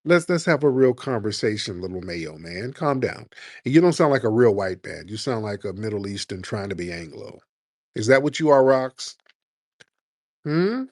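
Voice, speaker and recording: A man hosting a live call-in comedy talk show, brash and mocking, roasting his callers with loud animated energy. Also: fairly low pitch, normal speed, no echo, clean studio sound. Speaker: radio show host.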